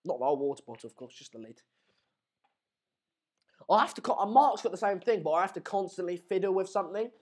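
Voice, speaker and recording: Young male streamer, energetic, rambling, jokey match-chat host. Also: high voice, quick pace, pauses often, slightly rough. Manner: rambling, jokey, self-mocking. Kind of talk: casual live match chat commentary.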